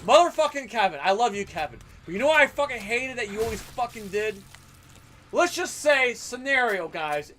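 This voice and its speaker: A man in his thirties hosting a gaming livestream, telling profane, animated stories with frequent laughter. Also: very high voice. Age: 30s. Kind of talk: casual livestream chat and storytelling.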